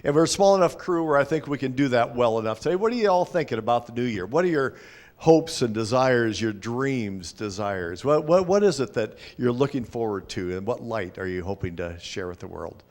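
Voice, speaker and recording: A man pastor talks casually to a small congregation from a church sanctuary. His speech is chatty and halting, full of restarts and filler sounds, in a plain mid-pitched voice. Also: animated, darkish tone. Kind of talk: informal sermon with congregation sharing.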